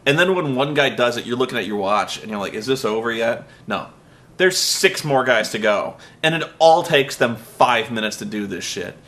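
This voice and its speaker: A man's voice: mid-range voice, animated, normal speed, fairly bright tone. A man giving a profane, exasperated comedic rant as a wrestling show reviewer, mocking what he watched. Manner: exasperated, mocking, heavy swearing.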